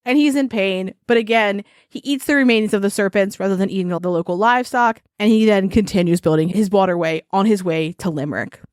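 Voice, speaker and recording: A woman's voice: mid-range voice, brisk, hardly any pauses, smooth, no echo, studio quality. A woman co-hosting a podcast, retelling a folktale in a casual, profane, giggly way. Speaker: podcast co-host. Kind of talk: casual storytelling chat.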